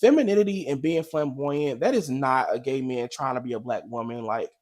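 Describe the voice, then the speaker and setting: A man's voice: mid-range voice, a little fast, a little mellow. A man hosting a casual reaction video, talking in a chatty, slangy, emphatic way. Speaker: commentary video host.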